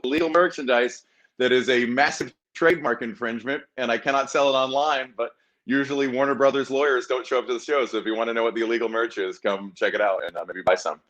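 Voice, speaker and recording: A man's voice: medium pitch, quick pace, fairly bright tone. A man from the American South, a comedian guest in a casual video-call interview, with dry, playful humor.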